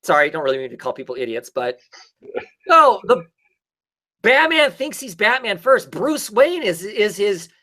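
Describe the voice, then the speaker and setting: A man talks through a comic story in a loose, rambling way. His voice sits a little high and sounds bright and forward. He keeps restarting his sentences and filling gaps with ums and you-knows. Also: big pitch swings, moderate pace. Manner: rambling recap with many fillers and restarts. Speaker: podcast co-host. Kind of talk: casual chat.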